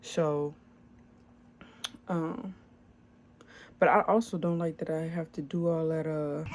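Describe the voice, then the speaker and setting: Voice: mid-range voice, vocal fry, darkish tone, slight background noise. A young adult small business owner telling a long story in a casual vlog, chatty and slangy, with filler words and swearing.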